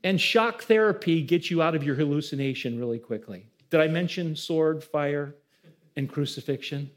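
Male pastor, high voice, preaching with rising emphasis and questions to the room. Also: moderate pace. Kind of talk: sermon.

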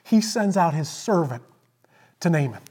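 A pastor preaching a sermon, retelling a story with emphatic repetition and swings from loud emphasis to hushed asides. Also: mid-range voice, lively intonation, measured pace, husky.

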